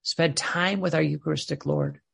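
A man's voice: fairly high pitch, fairly even intonation, normal speed, gravelly, a bit bright, slightly rough. A man preaching a sermon with fervor, reading quotations aloud with rising emphasis.

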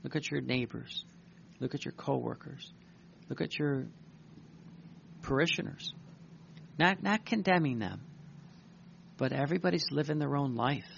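Male priest, earnest sermon delivery, repeats himself, gravelly tone. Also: medium pitch, lively intonation, dull audio, slight background noise. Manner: earnest, repeats words, reads aloud slowly then tells stories. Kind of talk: sermon reading and commenting on a devotional text.

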